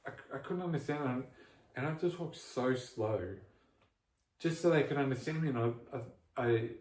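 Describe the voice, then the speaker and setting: A man's voice: a little high, fast, a little mellow. An Australian man co-hosting a podcast, chatting casually and rambling with many restarts and fillers. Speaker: podcast co-host. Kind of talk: casual chat. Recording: roomy, distant from the mic.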